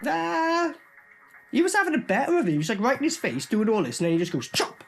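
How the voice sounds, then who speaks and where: A man's voice: very high-pitched, sing-song, quick pace, vocal fry, music in the background. A young man giving sweary, mocking casual commentary while reviewing a film. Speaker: movie reviewer.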